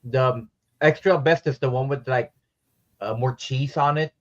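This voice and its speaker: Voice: medium pitch, moderate pace. A co-host in casual chat, joking and playful. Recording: dull lo-fi audio.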